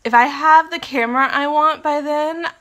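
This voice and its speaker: A woman's voice: sits high, moderate pace, a bit bright, dull audio. A young woman vlogging from her condo, chatting in a scattered, giggly way with plenty of ums and apologies. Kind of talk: casual rambling vlog chat.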